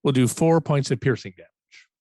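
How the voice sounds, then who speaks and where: A man's voice: medium pitch, dark tone, no room sound. Dry-miked man reading out his attack. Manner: deliberate, reads out rules step by step. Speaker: player. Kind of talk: playing a tabletop game.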